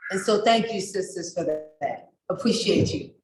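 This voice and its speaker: A woman's voice: on the low side, expressive, moderate pace, echoey room, noisy background. A woman moderating a panel, chatty and loose, with frequent restarts. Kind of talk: casual moderating on a virtual panel.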